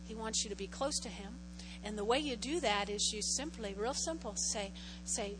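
A woman pastor giving a conversational sermon in a church, often checking in with "okay?", and moving from loud prayer to a soft invitation. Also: on the high side, moderate pace, background noise. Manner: conversational, repeats phrases, frequent "okay?" check-ins. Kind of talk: sermon with altar call.

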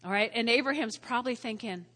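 A woman preaching a sermon to a congregation, lively, acting out the voices of biblical figures. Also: fairly high pitch, fast talker. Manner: animated, acts out voices of biblical figures with laughs. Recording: long hall reverb.

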